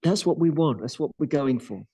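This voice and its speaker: A man's voice: fairly high pitch, expressive, fairly quick, mellow, slightly rough, poor audio. A man guiding a live yoga class in a studio, chatty and playful, laughing often. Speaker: yoga teacher.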